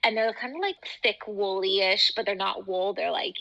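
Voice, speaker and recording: Young woman cohosting a podcast, bright voice, chatty and upbeat, says like a lot. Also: medium pitch, expressive, normal speed, creaky, poor audio. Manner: chatty, upbeat storytelling with many "like" fillers. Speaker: podcast co-host. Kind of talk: casual chat.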